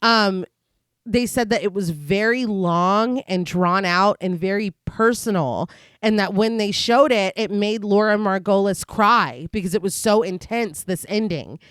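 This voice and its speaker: A woman co-hosting a podcast, moving between steady read-out scene summaries and easy banter. She laughs often. Her voice sits in a middle register and sounds dry and close, with no room around it. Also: mid-range voice, unhurried, no echo. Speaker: podcast co-host. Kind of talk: casual film discussion with read plot recap.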